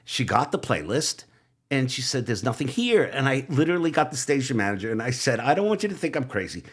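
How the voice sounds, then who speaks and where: Man spinning animated anecdotes. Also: medium pitch, fast talker, breathy edge. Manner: animated anecdotes with laughs and quoted asides. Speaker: guest, TV writer and producer. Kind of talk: relaxed storytelling in conversation.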